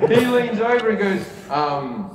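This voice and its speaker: A man's voice: sits high, lively intonation, normal speed. A man in his forties with an Australian accent, doing stand-up storytelling in a big indoor arena, profane and self-mocking, laughing through his punchlines. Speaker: stand-up comedian. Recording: echoey arena PA, distant, noisy.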